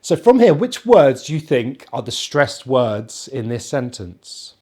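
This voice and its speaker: Lively British man teaching pronunciation. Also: medium pitch. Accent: British, non-rhotic. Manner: slow, exaggerated drilling of sounds. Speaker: English teacher. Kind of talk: pronunciation lesson.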